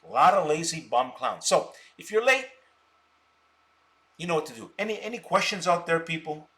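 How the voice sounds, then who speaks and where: Man, high voice, bright, scornful boastful live stream rant, insulting and mocking. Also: lively intonation, normal speed. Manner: bursts of loud laughter and shouting. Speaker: stock options live streamer. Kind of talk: ranting live stream talk.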